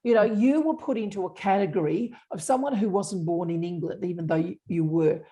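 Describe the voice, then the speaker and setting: A woman's voice: medium pitch, fairly quick, mellow. A woman, a bias specialist answering interview questions in an earnest, explanatory way. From Australia. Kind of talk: interview conversation.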